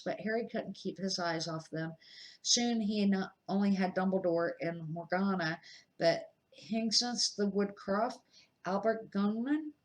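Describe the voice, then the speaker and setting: An older woman, a grandmother, reading a children's book aloud at an unhurried pace, with small slips and restarts. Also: medium pitch, a bit bright, poor audio.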